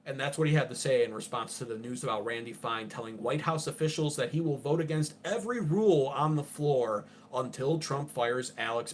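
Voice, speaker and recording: Abrasive, profane livestream ranter. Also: male voice, medium pitch, a little hiss or hum. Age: under 40. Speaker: political livestream host. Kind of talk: unscripted political livestream commentary.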